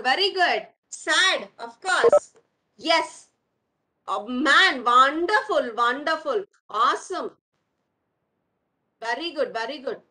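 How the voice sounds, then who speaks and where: A woman's voice: sits high, pushed and bright, low-quality recording. A woman teaching young children online, repeating words for them and calling them "my dear children". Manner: calls pupils "my dear children", drills words slowly. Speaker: primary school English teacher.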